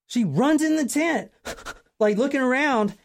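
A woman hosting a casual chat, telling a true crime story in an animated way, swearing casually and acting out quotes. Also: high-pitched, measured pace.

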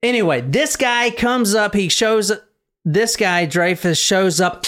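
A male podcast host narrates a story in a casual, profane, animated way, laughing often. His voice is a touch higher than most men's. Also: slow pace.

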